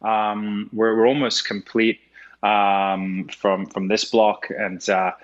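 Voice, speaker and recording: A man's voice: on the low side, little pitch movement, takes it slowly. A man with a Scottish accent, chatting as an interview guest over a video call, laughing easily and restarting his sentences often. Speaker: actor guest. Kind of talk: casual interview chat. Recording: dull lo-fi video call audio.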